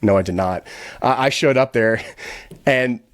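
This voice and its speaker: A man guest on a podcast, telling a story in a casual, animated, profane way, laughing often and rambling with lots of "like". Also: mid-range voice, dry recording, clean studio sound. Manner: quick, rambling, heavy use of filler "like".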